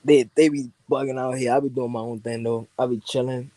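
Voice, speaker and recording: Mellow teenage New York guy. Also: medium pitch, little pitch movement, fairly quick, no echo. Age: teens. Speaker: guest caller, amateur boxer. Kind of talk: casual chat.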